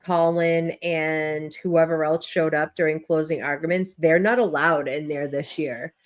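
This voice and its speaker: Deep-voiced female host, blunt and profane, running the chat. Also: fairly even intonation, a little slow. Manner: blunt, profane, asks questions. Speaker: livestream host. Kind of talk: casual chat.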